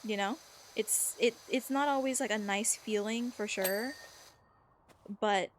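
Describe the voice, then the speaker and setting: A woman's voice: a little high, measured pace. Woman, streamer, casual gaming chat, rambling, lots of fillers, faint room noise. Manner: rambling, filler-heavy, reads chat aloud.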